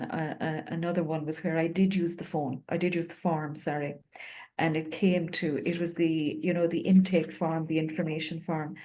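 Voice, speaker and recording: Low-voiced Irish woman telling a work story. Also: warm tone. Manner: reflective, earnest, with many fillers. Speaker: home visitor. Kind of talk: panel discussion storytelling.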